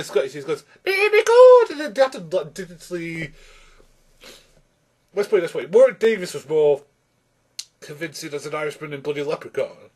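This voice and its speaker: A man's voice: a little high, a little mellow. A man ranting through a film review, exasperated and rambling with many restarts.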